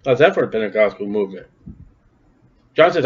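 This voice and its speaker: A man's voice: fairly low pitch, animated, brisk, husky. A man preaching a sermon in a folksy, emphatic way, quizzing his congregation and reading scripture aloud. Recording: dull lo-fi sound.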